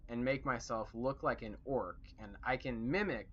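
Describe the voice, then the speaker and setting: A man's voice: mid-range voice, moderate pace, a bit bright, lo-fi sound, lightly acted. A man playing a cocky young sorcerer adventurer, quoted in casual tabletop game talk.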